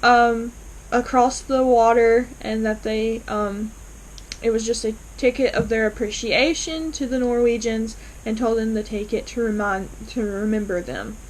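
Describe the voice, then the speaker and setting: A woman's voice: on the high side, fairly even intonation, unhurried, slight background noise, poor audio. A woman casually recapping and reacting to a TV episode, enthusiastic and full of fillers as she retells scenes. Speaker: TV episode reviewer.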